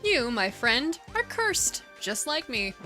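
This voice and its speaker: A cursed old golf ghost who keeps a shop in purgatory, speaking in a theatrical, uneven Scottish lilt, as a woman puts him on. The voice sits bright and fairly high. Soft game music plays behind. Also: very animated, slow, heavily acted. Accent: attempted Scottish, mixed with Irish and British. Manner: theatrical reading of game dialogue.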